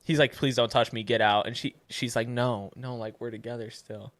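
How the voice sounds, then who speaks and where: A young man co-hosting a loose, casual podcast. He tells stories with lots of swearing and frequent laughter. His voice sits at an ordinary middle pitch. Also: moderate pace, no echo. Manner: laughs often, swears, animated storytelling. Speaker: podcast co-host. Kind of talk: casual chat.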